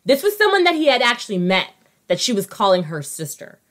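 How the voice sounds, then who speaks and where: A woman's voice: a little high, brisk. A woman co-hosting a casual true crime podcast, telling the story with acted-out quotes. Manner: animated storyteller, acts out quotes. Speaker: podcast co-host.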